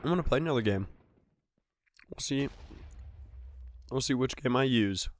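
A man's voice: medium pitch, lively intonation, moderate pace, a little hiss or hum. A young man hosting a gaming channel, giving solo let's-play commentary with joking, self-mocking, rambling asides.

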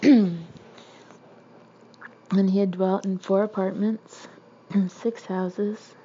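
A woman reading a novel aloud in a steady, measured way, now and then clearing her throat. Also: mid-range voice, muffled recording, a little hiss or hum. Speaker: audiobook reader.

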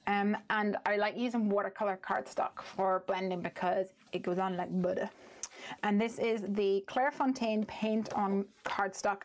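A woman hosting a live crafting stream from her home craft room, chatting casually and thinking out loud as she works. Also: mid-range voice, fairly even intonation, normal speed. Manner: chatty, thinks aloud, easily distracted.

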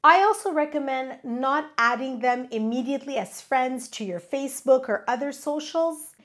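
A woman's voice: sits high, animated, moderate pace, a bit bright. A middle-aged woman presenting travel safety tips in a friendly, advising way, counting through a numbered list. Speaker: travel vlogger. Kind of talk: scripted travel tips to camera.

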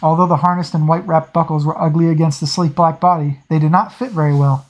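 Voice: medium pitch, fairly even intonation, fast, rough recording. A hobby reader narrating a fantasy novel aloud, often stumbling over words and correcting itself. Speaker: audiobook reader.

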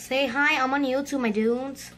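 A woman giving excitable gameplay commentary for her channel, with dramatic outbursts and moments of frustration. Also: high voice, normal speed, a little hiss or hum. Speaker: gaming YouTuber.

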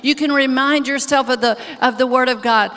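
A woman preaching to a congregation, speaking in a fairly high voice. She tells a personal story in an earnest, animated, conversational way. The sound carries a long reverb from a large church hall. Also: fairly quick. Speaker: co-host preacher. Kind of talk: conversational sermon.

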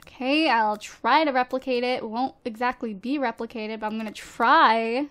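A woman's voice: on the high side, moderate pace, few pauses, a bit bright. A woman giving casual, chatty gameplay commentary straight to her viewers, recorded on a desktop USB microphone at home. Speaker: let's play host.

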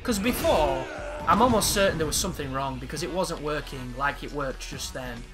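Excitable high-voiced male game commentator. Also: normal speed. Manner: excitable, crude jokes, sudden exclamations. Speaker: gameplay commentator. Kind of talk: let's play commentary. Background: game music.

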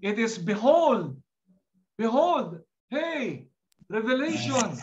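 A man teaching a class in a slow, repetitive way, drilling words aloud. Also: very high-pitched, big pitch swings, a little hiss or hum. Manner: slow, drawn-out, repeats words to drill them. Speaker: Hebrew teacher. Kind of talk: classroom teaching, mixing English and Tagalog. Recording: dull lo-fi sound.

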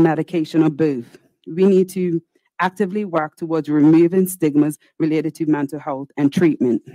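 A woman's voice: deep voice, warm tone, no echo, low-quality recording. A woman senator, giving a formal, earnest, pleading speech in a legislative chamber. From Bermuda. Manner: earnest, pleading, with slow deliberate pauses.

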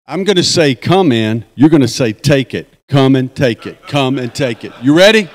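A man's voice: medium pitch, expressive, moderate pace. A man giving a folksy, joking talk at a conference and leading the crowd in chants. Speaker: conference speaker. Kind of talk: speech at a conference. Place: conference hall.

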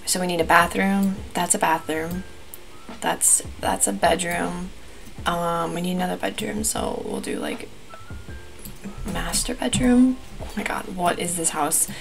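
A woman's voice: lowish voice, very animated, a little slow, creaky. A young woman with a Wisconsin accent, chatting frantically through a timed building challenge, full of fillers and repeated exclamations. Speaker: gaming YouTuber. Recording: light background music.

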